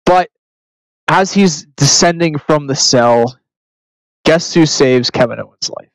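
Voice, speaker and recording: A young man co-hosting a podcast, excited and emphatic, swearing freely in casual chat. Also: fairly high pitch, slow pace, no room sound, low-quality recording. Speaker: podcast co-host.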